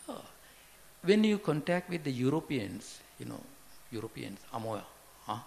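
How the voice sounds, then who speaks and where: A man giving an informal Buddhist talk, halting and repetitive, often asking his listeners questions. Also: on the high side, vocal fry, a little mellow. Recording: long hall reverb, faint background noise.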